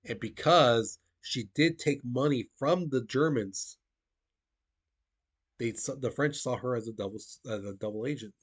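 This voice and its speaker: A man giving a recorded history lesson in a casual, conversational way. His voice sits at an ordinary middle pitch, and he keeps checking in with his students as he goes. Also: unhurried, husky. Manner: casual, conversational, peppered with "okay?" and "the thing is". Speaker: teacher.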